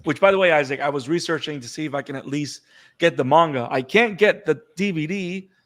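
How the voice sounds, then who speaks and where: A man with a slightly higher voice co-hosts a casual anime chat. He talks in an animated way, stumbling over and repeating words as his ideas pile up. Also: fairly quick. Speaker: podcast co-host.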